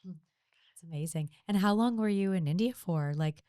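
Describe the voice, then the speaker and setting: A woman's voice: lowish voice, moderate pace, mellow, no echo, clean studio sound. A woman co-hosting a podcast, chatting casually and asking loose, friendly questions with easy laughter. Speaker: podcast co-host. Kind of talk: casual interview chat.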